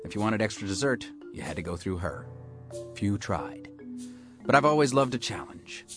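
A man's voice: on the low side, animated, moderate pace, music in the background. A man reading a children's story in the first person as a wisecracking, hard-boiled detective. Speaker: audiobook narrator.

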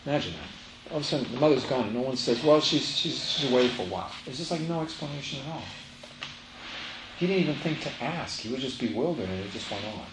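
A man's voice: medium pitch, expressive, fast talker, noisy background. Man teaching in an echoey room. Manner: emphatic, repeats phrases, storytelling. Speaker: spiritual teacher. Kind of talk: teaching talk to a live audience. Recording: roomy echo, faint ambience.

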